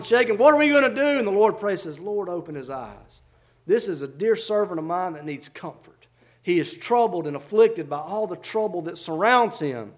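A man with a notably high speaking voice preaches a fervent sermon. He reads scripture in old-fashioned wording and then explains it to the congregation in plain, everyday terms.

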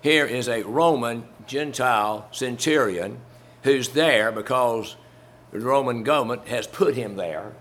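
A man's voice: mid-range voice, unhurried, fairly bright tone. A man preaching a sermon in a folksy, conversational way, chuckling as he talks through a Bible story to his congregation.

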